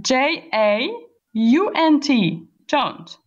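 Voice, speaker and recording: A woman teaching an online class, asking questions patiently and spelling words out slowly. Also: high-pitched, very animated. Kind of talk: online class explaining a play. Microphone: computer voice call. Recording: lo-fi voice-call audio.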